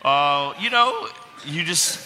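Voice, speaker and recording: A man's voice: a little high, expressive, takes it slowly, sharp tone, soft background music. A man on a live panel, a guest actor with a dry, sarcastic way of answering. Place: large theater, live audience. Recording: theater reverb, faint noise.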